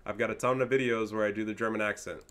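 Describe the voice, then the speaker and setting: A man's voice: on the low side, steady tone, racing, noisy background. A young man casting his own strategy game online, talking in a casual, slangy and profane way and laughing often. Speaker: gaming YouTuber and caster. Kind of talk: casual gameplay commentary.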